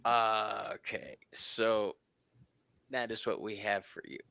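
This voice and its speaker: A middle-aged man hosts a tarot reading in a playful, teasing chat. His slow, bright voice swoops widely in pitch, and the sound is dry and close. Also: level tone, vocal fry, no room sound. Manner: playful, laughs often, teasing. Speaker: tarot reader and host.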